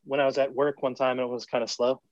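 A man's voice: mid-range voice, level tone, fast talker, dry recording. Male podcast co-host, casual storyteller, dry and slightly muffled sound. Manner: rambling storyteller, quotes people. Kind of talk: casual chat.

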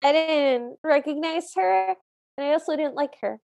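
A woman with a high voice co-hosting a podcast. She talks casually and frankly and says plainly what she does not like. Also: normal speed, vocal fry, darkish tone, highs cut off. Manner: frank and opinionated, states her dislikes plainly. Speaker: podcast co-host. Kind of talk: casual chat.

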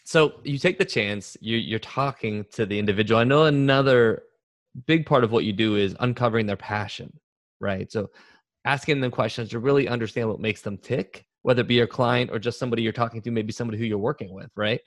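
A man's voice: medium pitch, brisk, no echo. A male podcast host setting up questions with frequent affirming tags. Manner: asks questions with affirming asides. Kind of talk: podcast interview.

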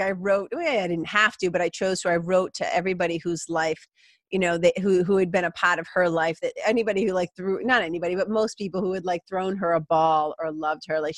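A middle-aged woman with a slightly low voice talks in a candid, rambling way. She is heartfelt and emotional and swears casually. The recording is close and dry, with no room echo. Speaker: yoga teacher and podcast host. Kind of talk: heartfelt personal monologue.

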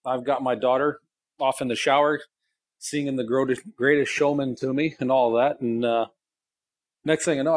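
A man's voice: medium pitch, no echo. Rambling man telling stories on a call. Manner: rambling, self-deprecating storyteller, laughs often. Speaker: co-host. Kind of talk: casual phone-in podcast chat. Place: sitting in a parked car in a garage.

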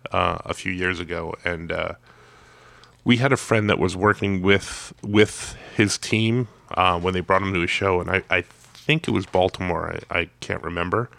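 Man, very low voice, gravelly, dry close sound, rambling anecdotes. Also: a bit bright, dry recording. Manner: rambling, self-repeating storyteller. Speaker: comic artist guest. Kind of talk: casual anecdote telling.

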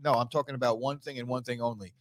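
A man's voice: mid-range voice, fairly even intonation, quick pace, a bit bright, no room sound. A man with a stuffy, allergy-congested nose, co-hosting a casual sports chat, brash and teasing with lots of swearing. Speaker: podcast co-host.

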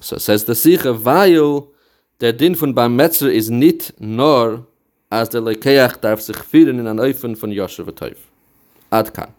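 A man's voice: mid-range voice, darkish tone. A man teaching a Talmudic text, explaining it step by step and quoting passages in a study chant. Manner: mixes English with Yiddish and Hebrew terms. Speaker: Torah teacher.

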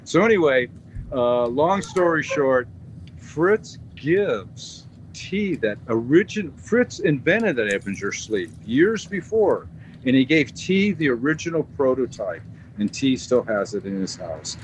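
A man, a dog sport trainer guesting on a podcast, tells stories in a loose, animated way. He swears freely and often trips over and repeats his words. His voice sits at an ordinary pitch, with faint background noise. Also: measured pace, poor audio. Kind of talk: casual storytelling.

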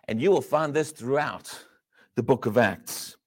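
A man preaching a sermon, asking the crowd rhetorical questions and dropping from loud emphasis to hushed words. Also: mid-range voice, measured pace, husky.

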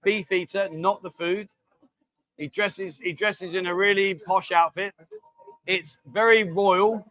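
A man's voice: high-pitched, steady tone, takes it slowly, pushed and bright, no echo, poor audio. A man hosting a casual live show in a bar, joking, coaxing guests into quizzes and drinking games, calling them darling. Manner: jokey, bossy, coaxing, calls people darling. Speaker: host.

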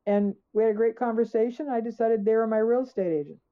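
A woman guest author tells stories conversationally, speaking fast in a fairly high voice. She is emphatic and acts out her own questions. The line sounds tinny, like a phone.

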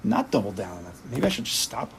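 A man teaching a Torah class as a rabbi, speaking emphatically and acting out inner voices in quick quoted asides. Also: lowish voice, wildly swooping pitch, vocal fry, a little hiss or hum, rough recording.

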